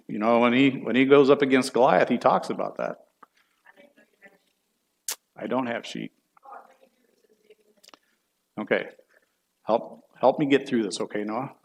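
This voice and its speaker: A man's voice: mid-range voice, gravelly. A middle-aged man, a church elder, teaching a Bible class in a folksy, chatty way and putting questions to the class.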